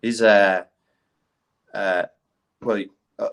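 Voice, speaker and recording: A man's voice: fairly low pitch, very slow, creaky, smooth, lo-fi sound. A middle-aged man with a posh English accent, telling blunt, profane stories as a podcast guest. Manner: blunt and profane, animated storytelling. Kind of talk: casual conversation.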